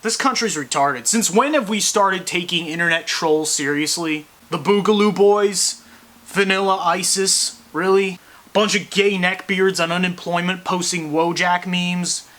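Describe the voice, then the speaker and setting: Bright-voiced ranting male comedian. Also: high-pitched, a little slow. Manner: ranting, sarcastic, abrasive. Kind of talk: scripted comedy monologue.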